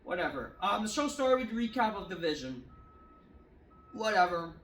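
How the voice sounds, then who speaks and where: A woman rants about a wrestling show, cursing freely and slipping into sarcasm. Her voice sits at an ordinary middle pitch. The room around her is noticeably echoey. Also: big pitch swings, normal speed, slight background noise. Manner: profane, exasperated ranting with many fillers. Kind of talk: casual review rant. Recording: roomy echo.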